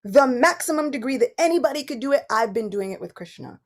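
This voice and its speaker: A woman giving a devotional morning class, telling personal stories with animated swings between soft and loud. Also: on the high side, fast talker. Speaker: class speaker.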